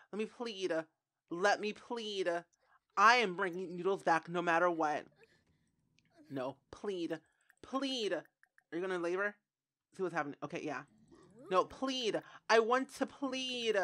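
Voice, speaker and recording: A young adult woman commentating her gameplay, dramatic and quick to cry out in dismay. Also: mid-range voice, a bit bright. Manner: dramatic, shrieks and cries out in dismay. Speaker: game streamer.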